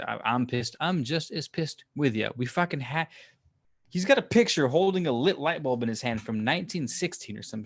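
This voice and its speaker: A man hosting a casual livestream, answering his chat in a rambling way, laughing often and swearing freely. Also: medium pitch. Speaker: livestream host reading chat. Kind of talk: casual live chat with viewers.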